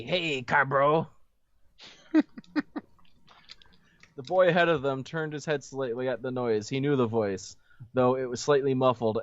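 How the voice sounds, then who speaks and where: A man's voice: mid-range voice, dry recording, muffled recording. A man reading a fanfiction aloud for laughs, stopping now and then to joke about it. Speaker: reader of fanfiction. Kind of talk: comedic dramatic reading with banter.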